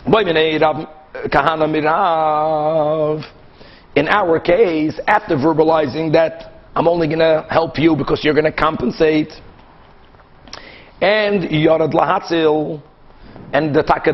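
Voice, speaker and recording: High-voiced animated rabbi teaching Talmud. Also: male voice, muffled recording. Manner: animated, acts out both sides of cases with quick back-and-forth. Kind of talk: Talmud class lecture.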